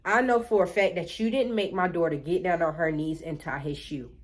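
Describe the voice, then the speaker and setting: A woman voicing her own stern, protective mother in a storytime retelling, low and firm. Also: fairly quick, close to an everyday voice.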